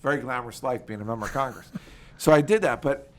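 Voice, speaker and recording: A man's voice: mid-range voice, quick pace. A middle-aged man, a military veteran and former congressman, telling stories in an interview and acting out the conversations he quotes. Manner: energetic, animated storytelling that acts out quoted conversations. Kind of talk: casual interview storytelling.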